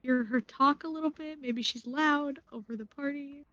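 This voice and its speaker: A woman's voice: high-pitched, normal speed, bright, forceful tone, no room sound. A woman playing a tabletop game, chatty and giggly. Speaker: player. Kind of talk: casual tabletop play. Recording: dull dry home mic.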